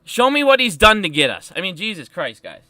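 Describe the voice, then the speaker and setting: High, bright-voiced ranting male streamer. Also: very animated, a little fast, no echo. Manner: heated, profane and emphatic. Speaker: stock market live streamer. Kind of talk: live stream rant.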